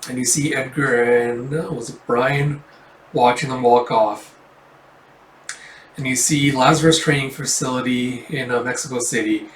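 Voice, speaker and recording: A man casually reading through a comic aloud, filling pauses with "uh" and "like". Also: mid-range voice, slight background noise. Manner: casual, filler-heavy reading. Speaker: comic reader. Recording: roomy, slightly distant mic.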